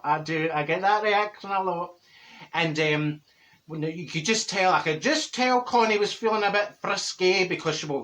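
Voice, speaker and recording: Gossipy stories come rattling out as a man voices a brash, talkative middle-aged woman from Glasgow, complete with a Glaswegian Scottish accent, in an exaggerated comic monologue to camera. His voice sits high, pushed and bright. He breaks into laughter and theatrical outbursts.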